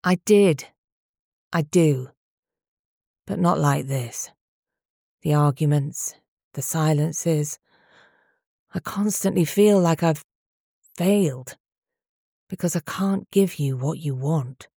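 A woman's voice: sits low, takes it slowly, vocal fry, pauses often, dark tone, husky, dry recording, clean studio sound, full character voice. A woman reading aloud, voicing a weary husband who speaks dully and sighs in a storybook. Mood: dull weary. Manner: tired, dull, sighing. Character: weary, gentle husband worn down by IVF. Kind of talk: audiobook character voice.

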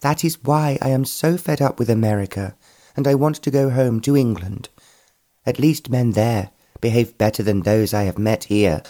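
A man's voice: medium pitch, normal speed, mellow, close to an everyday voice. A man voicing a spirited, scornful young woman in an audiobook reading. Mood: bitter.

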